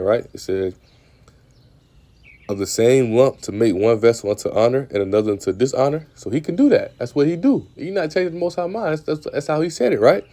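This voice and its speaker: A religious speaker with a medium-pitched, warm voice teaches scripture casually and informally. He often throws in "man," stammers on repeated words and slows down when reading verses aloud.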